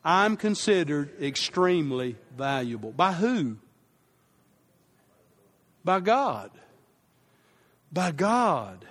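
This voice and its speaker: A male pastor delivers a sermon in a fairly high voice, unhurried and deliberate. He repeats his key lines for weight and has the congregation say phrases back with him. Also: big pitch swings, fairly bright tone.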